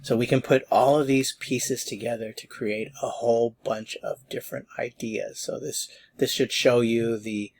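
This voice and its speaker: A man's voice: medium pitch, steady tone, normal speed, creaky, few pauses. A man teaching a Spanish grammar lesson online, explaining verb forms patiently and encouragingly.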